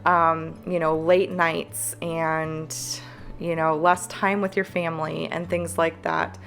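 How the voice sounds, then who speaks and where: A woman in her thirties with a small business, talking candidly to camera, earnest and halting with fillers. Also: sits low, little pitch movement, gravelly, fairly bright tone, faint music behind. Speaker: planner business owner.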